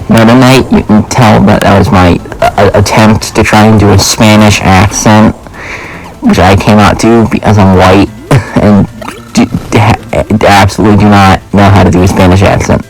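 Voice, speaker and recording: A young man hosting a let's play, chatting casually as he plays. His voice sits low with a gravelly fry. He rambles, fills gaps with uh and like, and makes fun of himself. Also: low-quality recording. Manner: rambling, full of uh and like, self-deprecating. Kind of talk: casual gameplay commentary.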